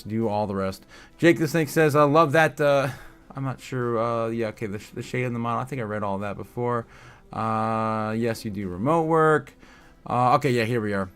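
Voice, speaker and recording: A man's voice: medium pitch, fairly bright tone, smooth. A man hosting a casual crypto livestream, reading headlines and viewer chat with lots of filler sounds and frequent laughter.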